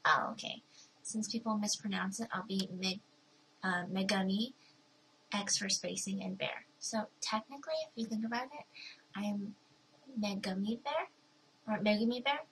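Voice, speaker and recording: A bubbly young woman in her twenties talks straight to her viewers in a casual question-and-answer vlog. Her voice sits at an ordinary middle pitch. She is chatty and playful, and she puts on little voices for the people she quotes. A faint hiss runs under the recording. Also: bright, forceful tone, rough recording. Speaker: vlogger. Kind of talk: casual talking-to-camera Q&A.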